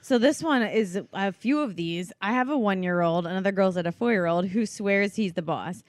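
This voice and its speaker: A woman's voice: mid-range voice, normal speed, dry recording. A woman co-hosting a podcast in an easygoing, agreeable way, reading listener questions aloud and adding her own view. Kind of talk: casual podcast chat.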